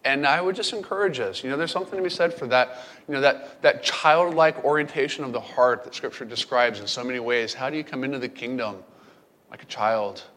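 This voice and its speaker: Middle-aged pastor preaching in a reverberant hall. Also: male voice, mid-range voice, fairly quick, a little hiss or hum. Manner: storytelling, playful and animated. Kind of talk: sermon. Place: camp meeting hall.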